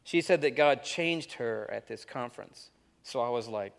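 A man preaching a sermon, telling a story with animated delivery and reading a letter aloud. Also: medium pitch, normal speed, gravelly. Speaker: pastor. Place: large church auditorium. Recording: echoey church hall.

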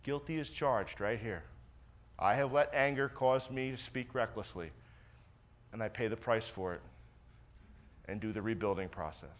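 A man preaching a sermon as pastor, stressing key phrases by repeating them and dropping into quiet confessional asides. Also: on the low side, moderate pace, pauses often.

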